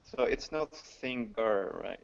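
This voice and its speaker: A man's voice: on the low side, lively intonation, slow pace, creaky, lo-fi sound. A man taking part as a student in a pronunciation lesson, hesitant and repeating words to get them right. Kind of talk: hesitant learner talk on a call.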